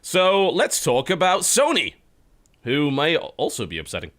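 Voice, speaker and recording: A man's voice: a little high, wildly swooping pitch, measured pace, a bit bright. A man hosting a podcast in casual chat, sarcastic and teasing, given to rants. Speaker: podcast host.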